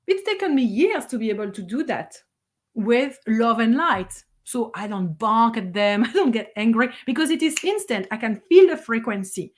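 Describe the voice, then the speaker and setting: A woman's voice: on the high side, expressive, moderate pace. A middle-aged woman, a spiritual teacher, giving a blunt, fiery motivational monologue, swearing for emphasis and laughing between points.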